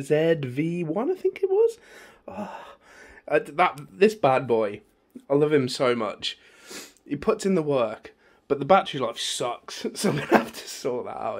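A man with a hoarse, fading voice, rambling chattily through a casual room tour vlog filmed on a phone in his bedroom. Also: mid-range voice. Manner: rambling, chatty, easily sidetracked. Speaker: YouTuber.

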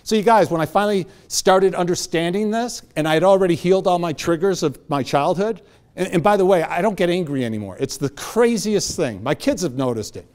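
In an event hall, a middle-aged motivational speaker tells stories and acts out the voices of the people in them as an animated storyteller. His voice is high-pitched and a little fast.

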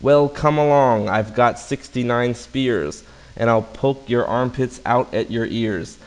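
A man's voice: mid-range voice, slow pace, a little mellow, lightly acted, poor audio. A man voicing a big, bold male marmoset who boastfully challenges a monster.

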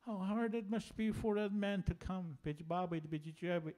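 A man's voice: sits high, little pitch movement, moderate pace, mellow. A man serving as pastor who leads prayer during a sermon, earnest and prayerful.

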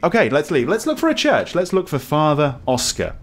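Chatty let's-player. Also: male voice, fairly high pitch, huge pitch swings, brisk. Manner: chatty, self-deprecating asides. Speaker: let's play host. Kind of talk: casual game commentary.

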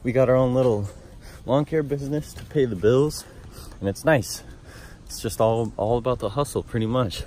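A man's voice: medium pitch, normal speed, darkish tone, slight background noise. A young man vlogging casually outdoors, chatty and laughing at his own jokes while talking to his dogs. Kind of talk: casual vlog chat.

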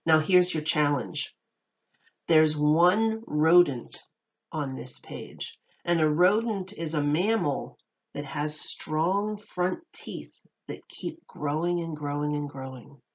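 Slow, patient woman teacher reading aloud. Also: low-pitched, lively intonation, lo-fi sound. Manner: slow, patient, asks children questions. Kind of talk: reading a picture book aloud to children.

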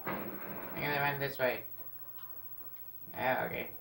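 A man giving live gameplay commentary, chatting to himself, getting frustrated and yelling out sudden bursts. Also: medium pitch, steady tone, takes it slowly, creaky. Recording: distant mic, roomy echo, loud background noise.

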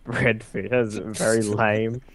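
A man's voice: lowish voice, flat delivery, slow. A man chatting casually while playing a game with friends, laid-back and playful, often in short replies.

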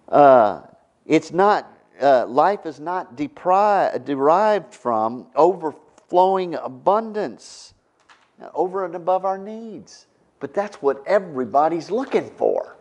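Slow, lively-voiced male preacher. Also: on the high side. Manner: conversational, keeps asking "right?". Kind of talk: sermon.

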